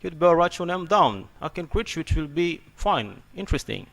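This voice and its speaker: A man teaches English on the radio in an emphatic, preaching way. His voice is bright and forceful and sits a little high for a man. He ends almost every sentence with "okay?" and pushes his points by getting louder. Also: very animated, a little fast, gravelly. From Democratic Republic of Congo.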